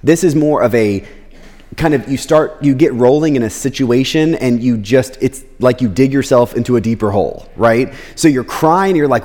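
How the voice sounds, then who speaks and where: A man preaching a sermon as a pastor, talking casually and often checking in with "right?", and he jumps in pitch when acting out quotes. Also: normal speed, darkish tone. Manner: conversational, keeps asking "right?". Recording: long reverb of a large hall.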